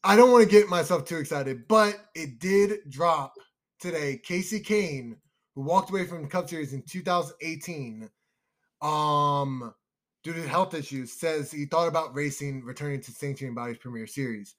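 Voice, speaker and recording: A young man co-hosting a casual podcast chat, excitable and emotional, calling his listeners "y'all". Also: fairly high pitch, normal speed. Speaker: podcast co-host.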